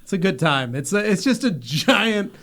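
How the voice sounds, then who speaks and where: A man's voice: high voice, big pitch swings, normal speed, fairly bright tone. A man co-hosting a podcast, reading out listener questions and teasing his co-hosts in casual banter. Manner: joking, teasing, puts on mock drawls.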